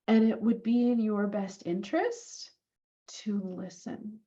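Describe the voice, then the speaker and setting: A woman in her forties telling a personal story on her vlog. She is animated and acts out what other people said, using it to coach business owners. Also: on the high side, slow, dull audio. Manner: animated, acts out quoted lines.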